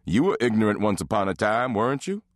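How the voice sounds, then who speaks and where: A man voicing a gruff, bantering husband and father in an audiobook, grumbling in a dry way. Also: fairly low pitch, big pitch swings, fast, dry recording.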